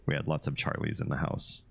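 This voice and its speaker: A man's voice: very deep voice, gravelly, breathy edge. A man hosting a live stream, chatting casually with viewers, reading their comments and laughing often. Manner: relaxed, chatty, laughs often, reads chat aloud.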